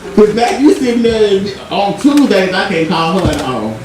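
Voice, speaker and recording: Stand-up comic, male, high and lively delivery, profane storyteller, picked up from a distance in an echoey room over a loud crowd. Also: moderate pace, slight background noise. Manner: profane, animated storytelling with frequent laughs. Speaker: stand-up comedian. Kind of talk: stand-up comedy set. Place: live comedy venue with audience. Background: audience laughter.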